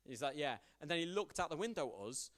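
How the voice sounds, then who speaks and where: Animated storytelling young preacher man. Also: a little high, fast talker. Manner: storytelling, animated, acts out quoted dialogue, self-deprecating. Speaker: youth pastor preaching. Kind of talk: conversational sermon with anecdotes.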